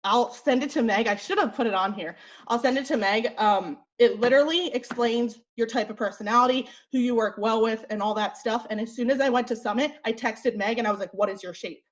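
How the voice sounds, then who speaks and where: Heard through a muffled recording, a young fitness coach with a slightly high voice leads her team's motivational call, chatty and blunt, dropping fillers quickly and sounding a little breathless.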